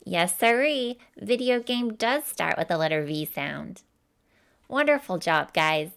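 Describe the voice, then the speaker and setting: A woman's voice: on the low side, animated, unhurried, vocal fry, a bit bright, clean tone, full character voice. A woman voicing a cheerful, folksy teacher, giving an encouraging, sing-song phonics lesson for children.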